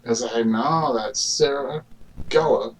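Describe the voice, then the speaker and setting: A man rambles through a casual, argumentative monologue, stopping often to restart his thoughts with fillers. He talks slowly at a middling pitch. His voice comes from some distance away from the mic. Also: a little hiss or hum. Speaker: vlogger.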